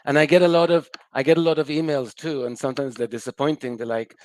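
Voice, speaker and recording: A man's voice: mid-range voice, fairly even intonation, fast, few pauses, darkish tone, no echo. A man from the UK with a mixed British and American accent, a psychologist guest explaining things in a wry, thoughtful way. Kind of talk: conversational interview.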